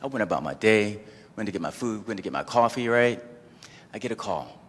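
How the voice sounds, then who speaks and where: A man giving a casual personal storytelling talk at an event, animated and full of "like" and "you know". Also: fairly low pitch, a little fast, breathy edge, big-room sound. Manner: animated, acts out his own inner voices. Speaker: event speaker. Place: event venue.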